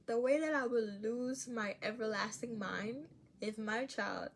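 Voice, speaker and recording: A woman hosting a casual faith podcast, telling stories in an animated way, often laughing and dropping to a whisper. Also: a little high, unhurried, creaky, slight background noise. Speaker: podcast host.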